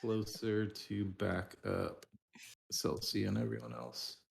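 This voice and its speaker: Male player, low gravelly voice, very slow delivery. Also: steady tone. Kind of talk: casual tabletop play.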